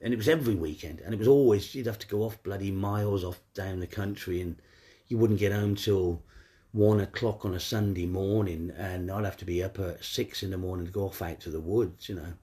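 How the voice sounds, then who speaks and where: A man tells a personal story. His voice is low and mellow. He rambles in a wry, offhand way, full of fillers and restarts. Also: a little fast.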